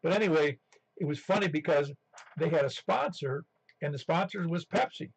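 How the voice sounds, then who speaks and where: On a ham radio net, a man from western New York near Buffalo chats casually, telling rambling stories full of restarts. His voice is on the high side, slightly rough with vocal fry, at a moderate pace, heard through muffled radio audio.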